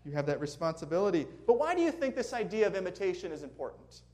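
A man's voice: high-pitched, very animated, quick pace, a little mellow. A man preaching a sermon in a conversational way, asking the congregation questions as he goes. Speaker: pastor.

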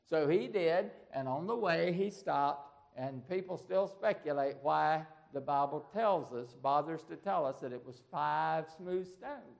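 A man's voice: a little high, a little slow, creaky, hardly any pauses. A man preaching a storytelling sermon in a folksy way, often repeating words and restarting.

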